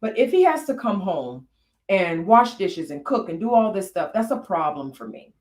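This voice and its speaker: A woman's voice: medium pitch, sing-song, normal speed, a little mellow, reverberant. A woman co-hosting a candid conversation about marriage, telling personal stories. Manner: reflective, storytelling with frequent fillers. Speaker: podcast co-host.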